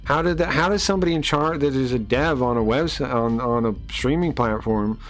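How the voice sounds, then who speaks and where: Male streamer, mid-pitched, venting at a desk mic, faint music underneath. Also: brisk. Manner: exasperated, incredulous, talks to chat with many fillers. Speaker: live streamer. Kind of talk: casual live-stream rant.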